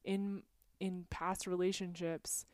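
A woman's voice: on the low side, flat delivery, slow pace, a little mellow, dry recording, clean studio sound. A woman telling personal stories in a candid, emotional conversation among friends, speaking frankly and sometimes swearing. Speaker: podcast guest.

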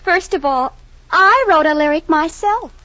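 An actress playing a sweet, doting young wife in a 1940s radio comedy, her soft sugary voice trailing off on names. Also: extremely high pitch, expressive, unhurried, no echo, heavily acted. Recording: dull old radio recording.

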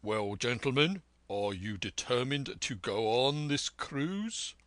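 A man voicing a stern, blunt sea captain who talks in a measured, firm way in a storybook reading. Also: mid-range voice, lively intonation, fairly bright tone, dry recording.

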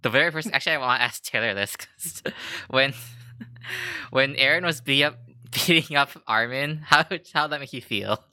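Male podcast host, bright and crisp, dry close mic, loose and jokey. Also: medium pitch, moderate pace, dry recording. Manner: laughing, loose and joking. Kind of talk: casual group chat.

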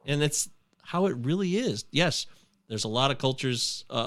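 A man's voice: mid-range voice, bright, forceful tone. A man from Michigan hosting a casual film discussion podcast, blunt and profane. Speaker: podcast host.

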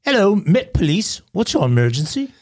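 A man's voice: sits high, very animated, moderate pace, a little mellow, voice pushed up. A man putting on a British accent to play a curt, unimpressed emergency dispatcher who answers with sarcastic questions. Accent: put-on British.

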